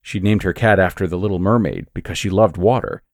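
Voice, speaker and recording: A man narrating a scripted horror story in a measured, steady way. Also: low-pitched, no echo, studio quality.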